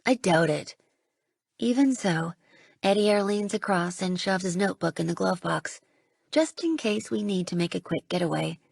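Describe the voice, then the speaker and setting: A woman reading a first-person audiobook, with a slightly husky, gravelly voice that rises for dialogue. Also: medium pitch, expressive, normal speed, darkish tone, dry recording. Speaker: audiobook narrator.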